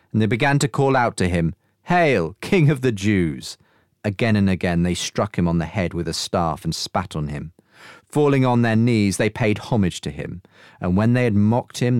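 A low-voiced man reads scripture in a measured way, his pitch rising and falling widely. The recording is dry and close to the mic, with no room sound. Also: no echo. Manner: measured, expressive reading. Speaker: scripture reader. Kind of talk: scripture reading.

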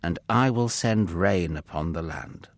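A man voicing God in a storybook reading, giving calm, measured commands. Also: low voice, no room sound. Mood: solemn.

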